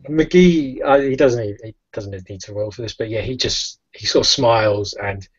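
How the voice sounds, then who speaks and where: A man with a husky voice narrating his character in a tabletop role-playing game, casual and quick to laugh. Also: medium pitch, muffled recording. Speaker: player.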